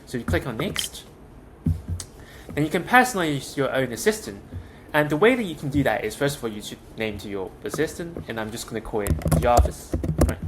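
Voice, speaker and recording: A man's voice: medium pitch, lively intonation, fairly quick, over music. Chatty young man walking through a screen demo. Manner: loose and chatty with many fillers. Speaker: tech tutorial host. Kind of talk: casual screen-share walkthrough. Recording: noisy background with keyboard clicks.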